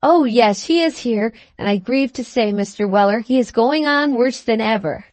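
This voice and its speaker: Brief: weaselly, tearful, sly servant, voiced by a woman narrator, pitched up. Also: normal speed, darkish tone, no echo, close to an everyday voice. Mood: fawning. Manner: whining, sly, over-effusive. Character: sly, fawning male servant who fakes tears.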